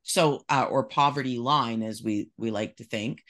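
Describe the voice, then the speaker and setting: A woman's voice: very deep voice, normal speed, a bit bright. A woman from Canada, a podcast guest, talking in casual chat with many restarts and reading excerpts aloud.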